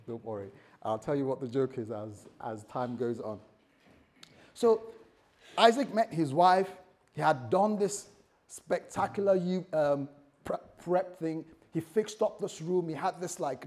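A male pastor preaches in a relaxed, conversational way. His voice sits a little high, and he chuckles at his own asides as he reads and explains. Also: measured pace. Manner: conversational, jokey, laughs at himself. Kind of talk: sermon.

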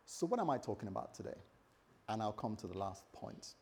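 Husky guy preaching, pitch jumping all over, acts out other people's voices. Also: a little fast. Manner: animated, swings between loud and soft, acts out voices. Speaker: pastor. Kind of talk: sermon.

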